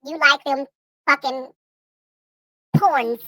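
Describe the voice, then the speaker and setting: A man's voice: extremely high pitch, fairly even intonation, slow pace, bright, forceful tone, voice pushed up, heavily acted. A man voicing a sassy, teasing alter-ego girlfriend who ribs him with profane banter.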